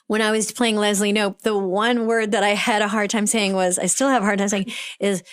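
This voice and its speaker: A woman with a Boston accent hosting a casual interview, playful and quick to laugh. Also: mid-range voice, steady tone, smooth, dry recording, clean studio sound. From United States. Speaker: podcast host.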